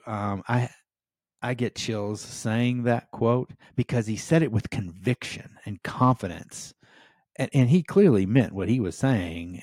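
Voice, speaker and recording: A man's voice: on the low side, a little mellow, no echo, studio quality. An American man hosting a leadership podcast, speaking earnestly with frequent "um" and "right?" and rising emphasis. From United States. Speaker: podcast host. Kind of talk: reflective solo podcast talk.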